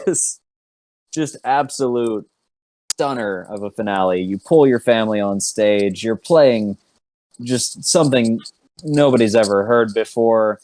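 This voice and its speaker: A man narrating as game master of an online tabletop game, relaxed, with many fillers and laughing asides. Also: lowish voice, measured pace, dry recording.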